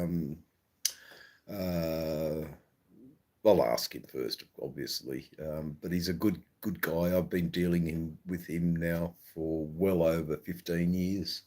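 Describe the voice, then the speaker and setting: A middle-aged Australian man with a broad Australian accent hosts his own live stream, reading out viewer comments as they come in. His voice sits extremely low, and he talks at an unhurried, slow pace. His chat rambles loosely, filled with ums and false starts. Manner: rambling, relaxed, many ums and restarts. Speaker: livestream host.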